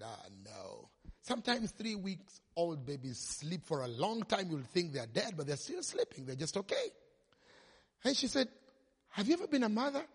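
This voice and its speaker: A man's voice: on the high side, breathy edge. A male pastor telling a story in a sermon, acting out the quoted voices. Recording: long hall reverb.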